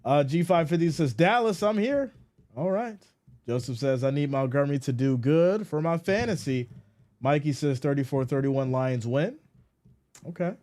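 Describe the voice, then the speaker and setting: Man, sports live stream host, fairly high voice, swinging pitch, reads chat aloud, mock-exasperated banter. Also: animated, moderate pace, a little mellow.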